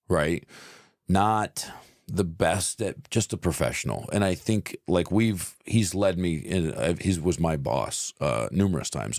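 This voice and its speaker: A man in his thirties with an extremely low, deep voice chats on a podcast. He talks in a loose, halting way, restarting sentences and hunting for words, with casual swearing. The sound is dry and close, with no room echo. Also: vocal fry, a little mellow. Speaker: podcast co-host. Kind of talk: casual conversation.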